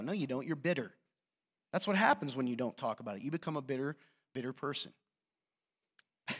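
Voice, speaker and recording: Passionate, higher-voiced male preacher. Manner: passionate, loud and animated preaching; jokey, self-mocking asides to the room. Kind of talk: sermon. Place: church hall with an audience.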